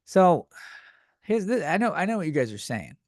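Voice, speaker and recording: A man's voice: fairly high pitch, big pitch swings, fast, no echo, clean studio sound. A man hosting a comedy podcast, ranting in an exasperated, profane way. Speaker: podcast host.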